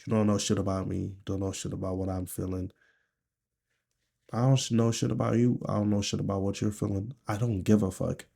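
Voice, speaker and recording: A man from Nigeria talking candidly in a personal video diary, with a low, subdued and profane, rambling delivery. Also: fairly even intonation, a little fast, gravelly, warm tone. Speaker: vlogger.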